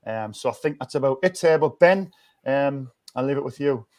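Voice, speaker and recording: A man's voice: medium pitch, animated, moderate pace, a little mellow. A man, hosting a casual football fan chat, rambling and restarting often in an upbeat way. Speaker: fan channel host.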